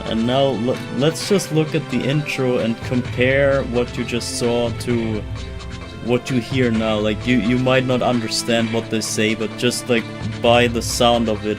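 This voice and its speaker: A young man with a German accent, a native German speaker, giving casual, rambling gameplay commentary and swearing freely. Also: mid-range voice. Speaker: streamer.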